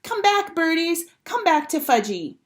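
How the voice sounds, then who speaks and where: A woman voicing an excitable little toddler boy in a storybook reading, squealing and calling out. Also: extremely high pitch, unhurried, pitched above the performer's own voice, heavily acted. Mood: excited.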